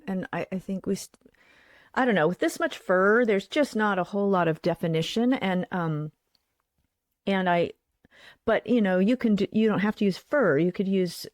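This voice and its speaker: Building a puppet on her livestream show, this host speaks in an expressive, medium-pitched voice at a moderate pace, with no room sound. Her talk is casual and thought-aloud, frequently trailing off into murmurs.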